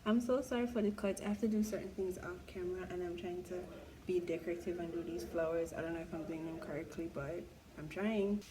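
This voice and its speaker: A woman's voice: lowish voice, fairly even intonation, brisk, a crowd in the background, poor audio. A young woman vlogger telling a gossipy story in casual chat while doing her makeup, with incredulous exclamations.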